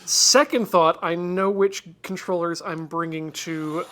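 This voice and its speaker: A man with a fairly high voice and a steady tone hosts a stream, joking casually as he works through a hardware repair. He talks unhurriedly in a pushed, bright way, rambling and then dropping to mutters as he concentrates. There is a slight hiss or hum in the recording.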